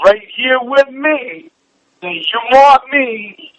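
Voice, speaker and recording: Very high-voiced man, furious and swearing. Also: expressive, takes it slowly, a bit bright. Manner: furious, swearing nonstop, demanding. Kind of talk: heated phone call. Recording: dull phone line recording.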